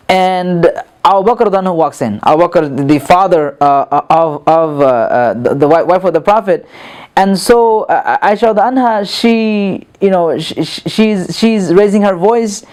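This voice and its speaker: A man's voice: high-pitched, darkish tone. A man giving a casual spoken lesson, repeating words and filling gaps with "you know" while he acts out examples. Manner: rambling, repeats words, many fillers, acts out quotes. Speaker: instructor.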